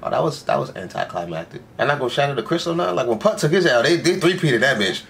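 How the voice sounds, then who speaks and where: A young man with a fairly high, gravelly voice reacts to anime fast and animatedly. His commentary is casual and full of slang, he answers the screen directly, and "bro" comes up constantly.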